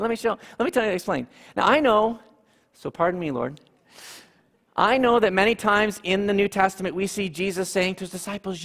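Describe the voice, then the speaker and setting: A man preaching a sermon, animated, with dramatic pauses and repeated phrases. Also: sits high, vocal fry, big-room sound. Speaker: pastor.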